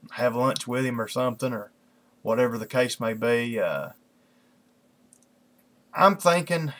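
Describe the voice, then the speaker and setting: A man's voice: mid-range voice, a bit bright. A man, a lay preacher talking casually into his computer mic before reading scripture, rambling with many fillers. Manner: rambling, many fillers like "you know" and "kinda". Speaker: lay preacher hosting an online Bible study.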